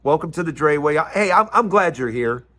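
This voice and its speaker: Male host, angry and sarcastic rant, lively swooping pitch. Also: fairly quick. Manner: angry, sarcastic, mocking voices. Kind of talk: unscripted political rant.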